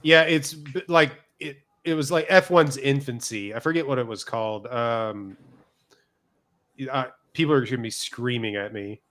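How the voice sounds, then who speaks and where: A man's voice: mid-range voice, moderate pace, fairly bright tone. A man co-hosting a podcast in casual chat, rambling and searching for words. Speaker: podcast co-host.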